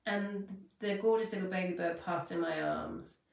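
Woman host, fairly low voice, heartfelt and rambling, echoey room with the mic set back. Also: huge pitch swings, moderate pace, vocal fry, distant mic. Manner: heartfelt, rambling, self-correcting. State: near tears. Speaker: podcast host. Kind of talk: spiritual coaching talk.

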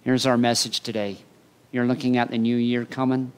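Lively storytelling preacher man. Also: medium pitch, normal speed, clear, resonant tone. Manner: animated storytelling, acting out voices. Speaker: pastor. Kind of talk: sermon.

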